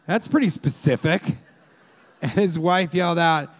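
This Colorado comic's pitch sits fairly high, and he keeps a measured pace. He wanders through a stand-up set at a club, hollering crowd work and acting out fans who yell at him.

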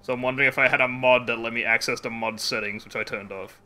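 A man's voice: mid-range voice, steady tone, fast talker, bright, forceful tone, soft background music. A man streaming a game live, rambling casually, swearing freely and laughing often. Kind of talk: casual gameplay chat.

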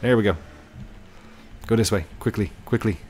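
A man hosting a gaming video, commentating in an excitable, rushed and joking manner. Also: fairly low pitch, a little hiss or hum. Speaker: gaming channel host. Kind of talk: game commentary.

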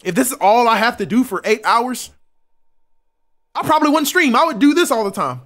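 A man's voice: very high-pitched, brisk. A young man from South Carolina, giving joking, casual commentary on a game and talking to his chat. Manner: animated, joking, talks to chat. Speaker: streamer.

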